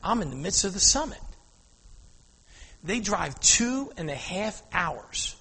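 A man preaching a storytelling sermon, animated, calling out to the congregation for an amen and telling them to watch. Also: high voice, slow pace, creaky, breathy edge. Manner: animated, asks the crowd "Amen?", often says "now watch". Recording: long hall reverb.

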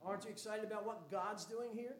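A man's voice: sits high, brisk. A man preaching a sermon as a Baptist pastor, folksy and joking, then emphatic.

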